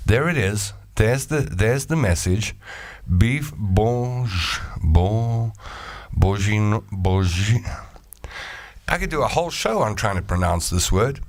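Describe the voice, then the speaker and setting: A man's voice: fairly low pitch, animated, slow pace, no echo. A South African man hosting a casual solo chat show, reading out listener messages with a playful, joking, rambling manner. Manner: playful and jokey, rambling asides.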